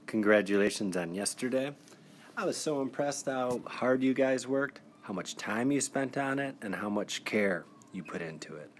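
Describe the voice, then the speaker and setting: A man's voice: mid-range voice, expressive, normal speed, a little hiss or hum. A man recording a screencast spelling lesson, explaining the steps in an encouraging, patient way. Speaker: teacher. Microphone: device mic for screen recording.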